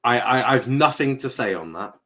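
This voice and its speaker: This young watchalong streamer has a sharp, medium-pitched voice and an animated, moderate-paced delivery. He hosts a live football stream, reading viewer comments casually while rambling, stumbling and swearing at times.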